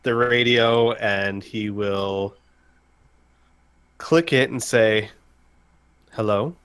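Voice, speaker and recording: A man's voice: fairly low pitch, steady tone, extremely slow, fairly bright tone, clear, resonant tone. A man playing in a tabletop game, hesitantly describing his character's actions. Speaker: player. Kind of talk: tabletop role-play.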